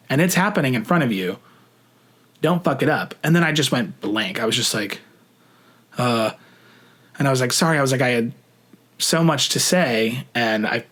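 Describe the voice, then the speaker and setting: Animated young man telling a story. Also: medium pitch. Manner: animated, swears freely, acts out quoted lines. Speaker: vlogger. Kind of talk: casual storytelling.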